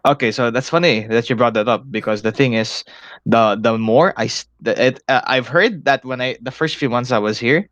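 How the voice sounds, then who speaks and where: A man's voice: medium pitch, moderate pace, fairly bright tone, dry recording. A young man from the Philippines with a Filipino accent, co-hosting a casual podcast chat, rambling, swearing often and laughing. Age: young adult. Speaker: podcast co-host.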